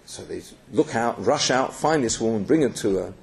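A man's voice: medium pitch, expressive, normal speed, vocal fry, darkish tone, slight background noise. Earnest man giving a Torah lecture. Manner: earnest, with yeshiva terms. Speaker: Torah teacher.

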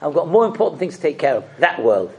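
A man's voice: fairly high pitch, very animated, fast. A man voicing a busy shopkeeper who talks earnestly about his priorities, inside a sermon story. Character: busy middle-aged shopkeeper, earnest and timid.

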